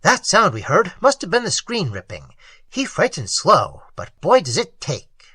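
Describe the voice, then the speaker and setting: A sly young college prankster with a hoarse, mocking whisper, as a man reading a storybook puts him on. The voice sits a little higher than a plain speaking voice, with a husky edge. It is heard up close in a dry, dead room. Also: huge pitch swings, unhurried, bright, forceful tone, dry recording, exaggerated voice. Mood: amused.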